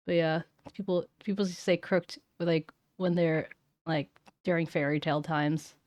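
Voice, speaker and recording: Brief: woman streamer, lowish voice, rambling casual chat, dry close mic. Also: fairly even intonation, measured pace, darkish tone, no echo. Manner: rambling, searches for words.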